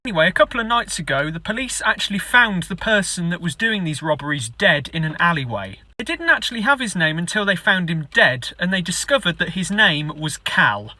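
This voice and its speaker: Playful man with a bright voice. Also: sits high, big pitch swings, fairly quick, hardly any pauses, dry recording. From Britain. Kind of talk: joke telling.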